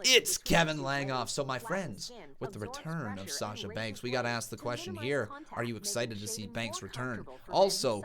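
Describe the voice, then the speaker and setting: A man hosting a live wrestling reaction stream, calling the action like an excitable commentator and chatting with viewers. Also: mid-range voice, moderate pace, few pauses, a crowd in the background.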